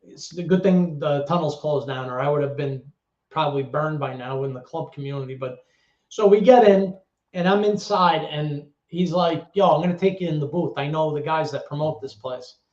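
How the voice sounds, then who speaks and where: A middle-aged New man tells his stories with animated, streetwise energy, slipping into other people's voices and swearing freely. His voice sits a little high for a man. The recording is roomy and echoey, with a dull, lo-fi sound. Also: moderate pace. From the Bronx, New York. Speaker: guest, former actor and DJ. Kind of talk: casual storytelling interview.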